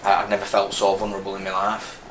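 In a casual interview, a thirties army veteran from Burnley in northern England recounts his story frankly in a Lancashire accent, rambling and restarting many times. He's a fast talker with a low, monotone voice, and crowd noise can be heard. The room is echoey with faint noise.

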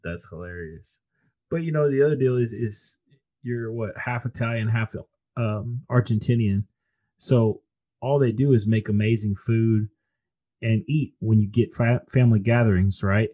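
A man's voice: on the low side, normal speed, mellow. A man hosting a podcast interview, laid-back, laughing along with his guest. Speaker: podcast host. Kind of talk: casual interview chat.

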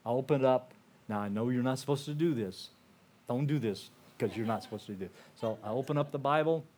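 An older man shares his testimony with a church crowd in a loose storytelling way. His pitch sits in the middle, and he keeps restarting his sentences and filling gaps with "you know". He grows quiet and earnest at the heavy moments. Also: quick pace. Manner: earnest and emotional, dropping softer at heavy moments. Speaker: guest speaker sharing his testimony. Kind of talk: personal testimony told to a church audience.

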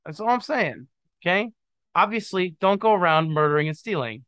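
A man hosts a solo podcast, rambling through jokey opinions and often saying "dude". His voice is bright and clean. It is recorded dry and close. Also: high voice, animated, normal speed, smooth, no echo. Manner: trails off into mumbling asides. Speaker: podcast host. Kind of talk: casual solo monologue.

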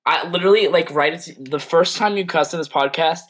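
A man's voice: a little high, fairly quick, a bit bright, breathy edge. A young man co-hosting a casual podcast, rambling with lots of "like" and chuckling at his co-host. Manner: rambling, lots of "like" and restarts, easily amused. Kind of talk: casual chat.

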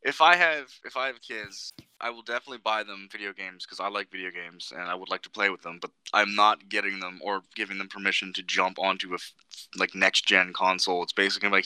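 A man co-hosts a podcast in relaxed chat, with a lowish voice that still sounds very bright and forceful. He tells stories with lively energy, often swearing and mimicking people. The sound is close and dry. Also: fast talker, clear, resonant tone, no echo, rough recording. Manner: animated storyteller, swears, acts out voices. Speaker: podcast co-host. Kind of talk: casual chat.

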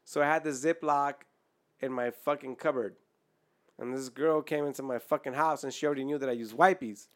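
A man's voice: mid-range voice, fairly even intonation, fairly quick. A man hosting a podcast, telling a crude story in casual chat, swearing often and laughing as he goes. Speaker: podcast host.

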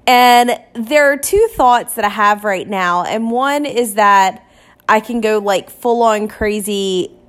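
A woman's voice: mid-range voice, takes it slowly. A woman telling a painful personal story in a candid, confessional way, with many fillers and restarts. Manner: acts out short quoted exchanges in her telling. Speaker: podcast storyteller.

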